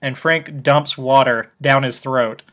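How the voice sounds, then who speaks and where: A man co-hosting a podcast, recapping a TV episode in animated casual chat and laughing often. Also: medium pitch, slow pace. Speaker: podcast co-host.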